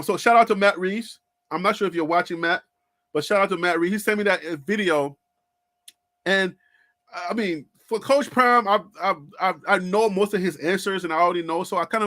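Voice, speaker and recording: A man's voice: high-pitched, bright, forceful tone. A man hosting a sports fan channel, chatting casually and animatedly with his viewers, often laughing and greeting them by name. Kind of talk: casual live-stream chat.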